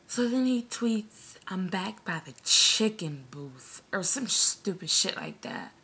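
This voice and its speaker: A New York woman, hoarse from screaming, tells a long story in an animated, indignant rant full of swearing. She has a New York accent and speaks at a medium pitch and slow pace.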